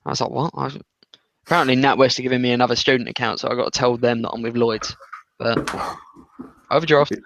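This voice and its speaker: A man's voice: mid-range voice, fairly even intonation, fast, a bit bright, lo-fi sound, a little hiss or hum. A young English man co-hosting a podcast, chatting casually and rambling, swearing and laughing often. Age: young adult. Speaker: podcast co-host. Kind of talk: casual chat.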